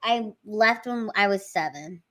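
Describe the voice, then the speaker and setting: A woman's voice: medium pitch, a little slow, fairly bright tone. A woman from Hawaii, a guest in a casual chat, easygoing and upbeat.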